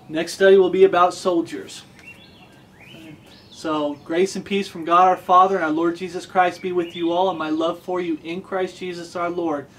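A man's voice: high-pitched, a little hiss or hum. A man preaching a fervent sermon, pressing his listeners with repeated questions.

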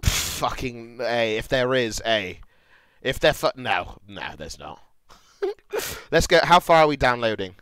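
A young man with a British accent, streaming and reacting to posts in crude, casual chat, laughing loudly and muttering as he reads. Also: medium pitch, lively intonation, takes it slowly, clean tone, no echo.

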